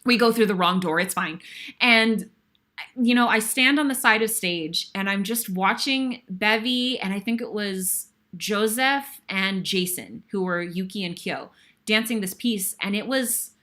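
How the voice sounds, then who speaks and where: With a bright, forceful mid-range voice and a slightly slow delivery, this woman in her thirties guest-hosts and relives a stage story with animation. The telling is breathless and emotional, with occasional sighs.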